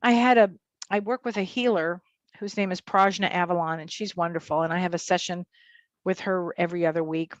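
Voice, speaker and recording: Brief: woman guest, animated storyteller, dull dry recording. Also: a little fast, no echo. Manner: animated, acts out quotes in high voices. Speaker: psychotherapist and medium guest. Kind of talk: storytelling in an interview.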